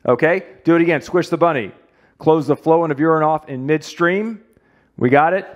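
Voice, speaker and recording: Over a muffled recording, a slightly high-voiced man at a moderate pace jokes around while guiding a model through a workout demonstration as the fitness instructor.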